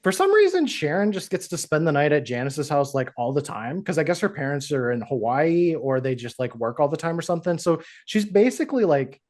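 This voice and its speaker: A man co-hosting a podcast, chatting casually through an episode recap. He keeps slipping into the characters' lines as he tells it. His voice sits a little higher than most men's. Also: a little fast, few pauses. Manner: animated, acts out characters' lines while retelling. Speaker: podcast co-host.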